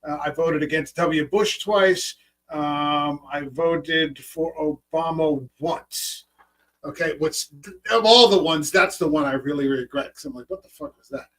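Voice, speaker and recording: Fifty-something male host, high voice a little far from the mic, swears freely while telling stories. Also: a little slow, fairly bright tone. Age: 50s. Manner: profane, storytelling, acts out his own past remarks. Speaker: podcast host. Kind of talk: casual interview chat.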